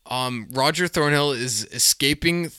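A man's voice: medium pitch, unhurried, sharp tone, clear, resonant tone, dry recording, clean studio sound. A man co-hosting a podcast, chatting casually about a film and retelling its scenes with lots of likes and ums. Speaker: podcast co-host.

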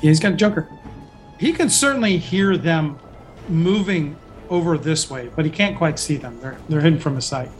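Higher-voiced man running a tabletop game. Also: expressive, moderate pace, faint music behind. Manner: easygoing, decisive rulings. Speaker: game master.

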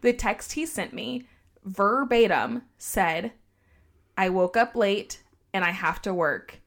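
A woman telling a story on a casual podcast, animated and quoting others in her own voice. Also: mid-range voice, slow pace. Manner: animated, heavy use of "like", quotes people in her own voice.

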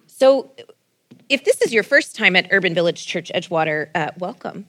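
A woman's voice: on the low side, animated, moderate pace, bright, forceful tone, no echo. A woman pastor giving a sermon and prayer in a playful, conversational preaching manner. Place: church.

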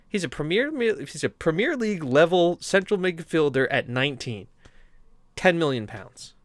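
A young man co-hosting a gaming podcast, telling stories in a casual, animated, rambling way with many restarts. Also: on the high side, dry recording. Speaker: podcast co-host. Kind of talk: casual storytelling chat.

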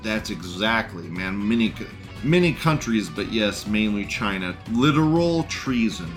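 A man's voice: lowish voice, very animated, a little slow, faint music behind. A man hosting a livestream, ranting crudely in a sneering tone and laughing at his own jokes. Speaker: host. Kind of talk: livestream commentary rant.

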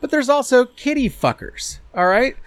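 A man's voice: extremely high pitch, lively intonation, moderate pace, dry recording. A man co-hosting a podcast, bantering crudely with mock-indignant, profane rants. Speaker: podcast co-host.

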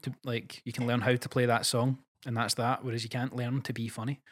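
A man co-hosting a casual podcast chat, talking quickly and hedging with fillers. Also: mid-range voice, little pitch movement. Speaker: podcast co-host.

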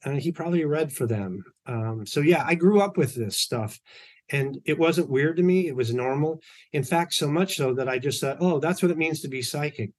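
A man being interviewed, telling personal stories in a chatty way, often correcting himself mid-sentence. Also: medium pitch. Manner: chatty, anecdotal, with self-corrections. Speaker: podcast guest. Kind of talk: storytelling in an interview.

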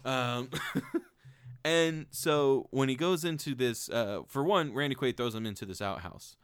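A man casually retelling a strange movie, animated, with plenty of ums, likes and swearing. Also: medium pitch, a little slow, clear, resonant tone, dry recording, studio quality.

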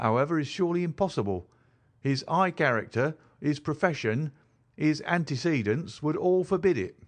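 A man's voice: a little high, natural voice. A man voicing an agitated older woman, a landlady and mother, pleading in a story reading. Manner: distressed, pleading.

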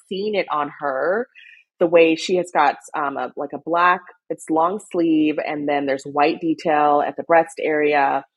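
A young woman co-hosting a casual fashion chat, excitable and animated, squealing when she gets excited. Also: low voice, husky. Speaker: co-host.

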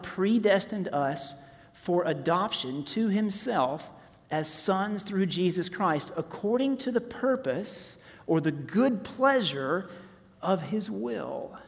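A man in his forties preaching a sermon, rising to loud emphasis and dropping to hushed, near-whispered softness. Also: a little high. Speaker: pastor. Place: church sanctuary. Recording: long reverb of a large hall.

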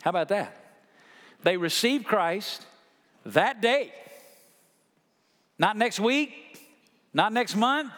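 High-voiced male pastor in a reverberant hall. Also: expressive, takes it slowly, long pauses, a bit bright. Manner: preacher prompting the congregation to repeat words aloud. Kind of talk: sermon. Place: church sanctuary.

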